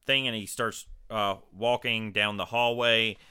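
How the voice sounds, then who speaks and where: A man's voice: lowish voice, steady tone, measured pace, pushed and bright, dry recording, studio quality. A man co-hosting a podcast, retelling movie scenes in casual, profane chat and acting out the lines. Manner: retelling scenes, quoting lines in gruff voices, swears a lot. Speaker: podcast co-host.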